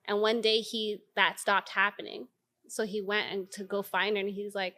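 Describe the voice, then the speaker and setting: A woman's voice: mid-range voice, normal speed. A woman, an activist guest telling blunt, profane stories in a candid interview. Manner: blunt, profane, animated storytelling.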